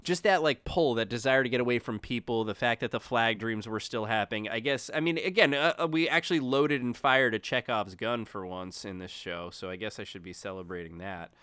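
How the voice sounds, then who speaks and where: Male podcast co-host, clear voice, dry close sound, critical, seeks agreement with tag questions. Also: medium pitch, a little fast, few pauses, bright, forceful tone, no room sound. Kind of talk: casual TV review chat.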